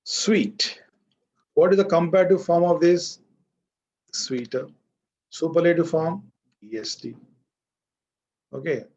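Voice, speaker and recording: A man with an Indian English accent teaching a grammar lesson, speaking slowly and deliberately and stopping to quiz his students. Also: on the high side, a little mellow, lo-fi sound. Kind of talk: classroom grammar lecture.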